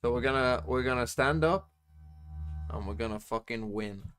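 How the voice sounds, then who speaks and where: A man streaming an esports watch party in loose, casual chat. His pitch sits in a middle range, and he rambles between thoughts, swearing freely and getting worked up. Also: normal speed, clear, resonant tone. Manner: excitable, swears often, rambling.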